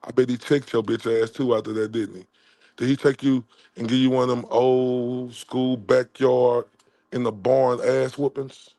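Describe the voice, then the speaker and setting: On a livestream, a man with a medium-pitched, dark voice delivers a flat, moderately paced tirade. Swearing constantly, he confronts and ridicules his targets in a heated rant.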